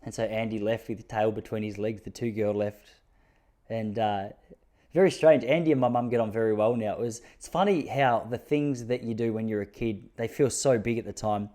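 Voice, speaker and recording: A man's voice: brisk, warm tone. An Australian man in his thirties hosting a podcast, telling stories in a laid-back, self-mocking way. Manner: laid-back, self-mocking, jumps to high-pitched disbelief when telling jokes. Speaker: podcast host. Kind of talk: casual storytelling monologue.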